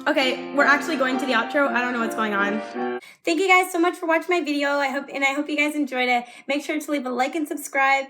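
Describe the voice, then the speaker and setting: A woman's voice: sits high, fast, over music. A young woman teaching dance, chatty and apologetic, counting the beats aloud. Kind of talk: dance tutorial vlog. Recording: echoey room with faint noise.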